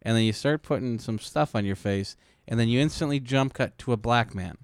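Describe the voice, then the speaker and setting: A man's voice: medium pitch, brisk, slight background noise. A man co-hosting a podcast, making crude wisecracks in casual chat. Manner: wisecracking, mock voices. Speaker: podcast co-host. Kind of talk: crude comedic banter.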